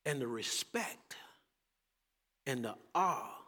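A man preaching a sermon as pastor, earnest and emphatic, drawing out key phrases slowly. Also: mid-range voice, animated, sharp tone, slightly rough, big-room sound.

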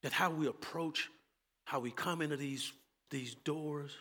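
A man preaching to his congregation in a church sanctuary, his fairly high voice carrying a long reverb through the hall. He talks earnestly and with emphasis, slowing down to lean on his key words. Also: bright, forceful tone. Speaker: pastor. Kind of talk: sermon.

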